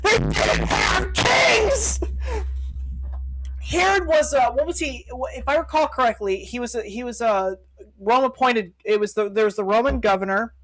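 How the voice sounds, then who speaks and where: A man co-hosting a podcast, chatting casually, excitable and jokey, often cutting in. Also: very high-pitched, fairly quick, poor audio. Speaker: podcast co-host. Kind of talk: casual chat.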